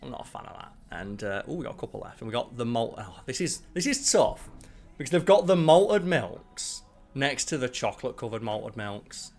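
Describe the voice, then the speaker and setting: A man in an easy-going live-stream chat, talking at an ordinary middle pitch. He rambles, swears freely and delivers blunt, opinionated verdicts. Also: sing-song, normal speed, vocal fry. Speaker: channel host ranking biscuits.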